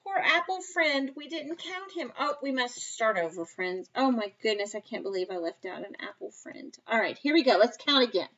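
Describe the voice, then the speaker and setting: A woman teaching a kindergarten math lesson on video, talking slowly and encouragingly to young children in a sing-song, playful way. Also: fairly high pitch, lively intonation, highs cut off. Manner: playful mock surprise, sometimes dropping to a whisper.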